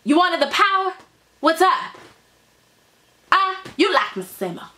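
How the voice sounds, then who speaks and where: A woman puts on an aging patriarch scolding his family in a blunt, cursing rant, high and bright in tone. He sounds furious and wounded at once. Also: sing-song, a little slow, heavily acted. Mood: scornful.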